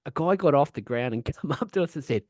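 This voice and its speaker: A man's voice: on the high side, animated, fast, a little mellow, no room sound, studio quality. A man co-hosting a podcast, telling a rambling, swear-filled festival story in casual chat. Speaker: podcast co-host.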